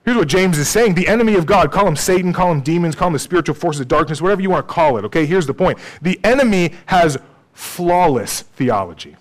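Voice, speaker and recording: A man's voice: on the high side, racing, hardly any pauses. A man preaching a sermon in a conversational way, often checking in with "okay?" and "right?".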